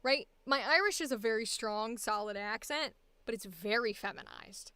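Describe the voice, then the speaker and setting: A woman's voice: fairly high pitch, normal speed, sharp tone, clear, resonant tone, dry recording. A woman voice actor chatting casually and thinking aloud while she records an audition.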